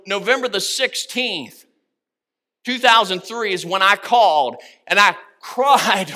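Male pastor, high and very bright voice, impassioned sermon, swings from hushed to loud. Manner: impassioned, rising to shouts on key words.

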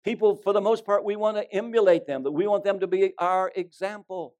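A man preaching a sermon, telling folksy stories and swinging between loud emphasis and hushed delivery. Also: high voice, fairly even intonation, a little fast. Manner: folksy storytelling with fillers.

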